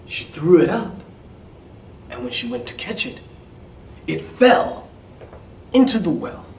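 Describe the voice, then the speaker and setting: A man telling a fairy tale as an English lesson, slowly explaining and repeating words, dropping to near-whispers for asides. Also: mid-range voice, a little hiss or hum. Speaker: English teacher. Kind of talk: storytelling lesson for English learners. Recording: echoey room, mic at a distance.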